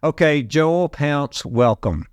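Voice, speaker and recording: A man's voice: a little high, lively intonation, smooth, dry recording. An older man from Alabama with a Southern American accent, hosting an interview podcast in an effusive, repetitive, enthusiastic way. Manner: effusive, repeats himself, drawn-out emphasis. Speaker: podcast host.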